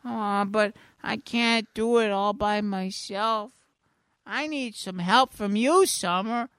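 A man doing a squeaky, bubbly cartoon sidekick, pitched way up in falsetto with gleeful "ooh-wee" whoops. He sounds earnest and goofy, close and dry with a bright edge, like a comic read aloud at a mic. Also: lively intonation, slow pace, gravelly, smooth, dry recording, exaggerated voice. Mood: wistful. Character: cheery squeaky alien-ish male cartoon sidekick.

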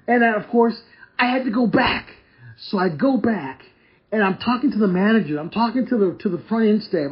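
High-voiced guy hosting a podcast, hyped up, keeps repeating himself, audio a bit dull. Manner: enthusiastic, repetitive, stumbling restarts. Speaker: podcast host. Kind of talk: casual restaurant review monologue.

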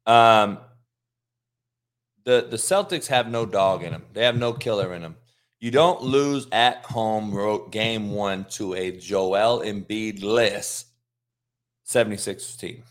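A man's voice: medium pitch, slow, a bit bright. A man hosting a sports talk show, ranting heatedly with a lot of swearing and emphatic repetition. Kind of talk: profane sports rant.

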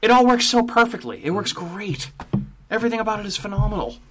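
A man's voice: high voice, animated, fast, fairly bright tone, husky. A man hosting a casual podcast, talking enthusiastically and swearing casually as he leads the chat. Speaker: podcast host.

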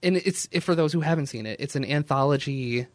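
A man's voice: a little high, a little fast, dry recording. A young man in casual chat as a podcast guest, playful, laughing often and tossing in jokey asides.

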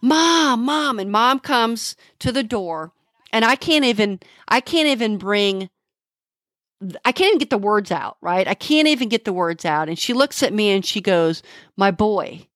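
Woman, middle-aged, homicide detective, emotional halting storytelling, frequent restarts, mid pitch, dry sound. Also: animated, a bit bright, no room sound. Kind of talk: recounting a case in an interview.

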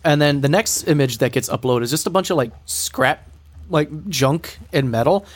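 A man's voice: a little high, lively intonation, quick pace, dry recording. A man co-hosting a podcast, telling a story in a rambling way with lots of fillers. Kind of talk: casual chat.

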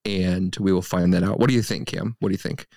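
A man's voice: low voice, steady tone, fast, creaky, a little mellow, no room sound, studio quality. A man co-hosting a casual podcast movie review, playful and jokey. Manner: jokey, playful, mock trailer voice at times. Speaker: podcast co-host.

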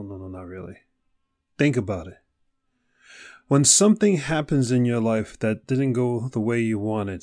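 A man's voice: medium pitch, darkish tone, no echo, clean studio sound. A man speaking straight to the listener in a motivational monologue, asking pointed questions and acting out people's excuses.

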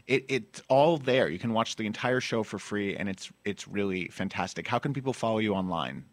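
A man hosting a podcast interview, running a quiz with quick, wry banter. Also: fairly low pitch, expressive. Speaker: podcast host. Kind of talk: casual interview chat.

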